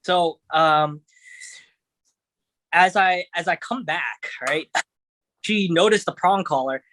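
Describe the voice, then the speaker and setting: Halting man telling a casual story. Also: a little high, fairly bright tone. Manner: halting, many restarts and fillers. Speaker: podcast guest. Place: podcast studio.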